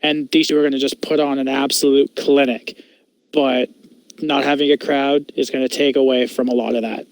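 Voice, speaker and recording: A man's voice: medium pitch, little pitch movement, moderate pace, dry recording, rough recording. A man co-hosting a podcast in casual chat, opinionated and rambling, swearing freely. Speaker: podcast co-host.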